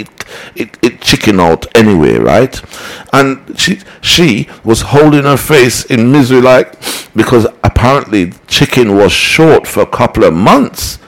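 A man hosting a broadcast, reading listener comments and rambling in a preachy, animated way. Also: on the low side, poor audio. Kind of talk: casual broadcast talk.

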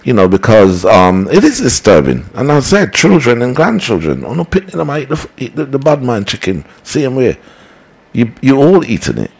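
A man hosting a broadcast, reading listener comments and rambling in a preachy, animated way. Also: mid-range voice, moderate pace, creaky, breathy edge, poor audio. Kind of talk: casual broadcast talk.

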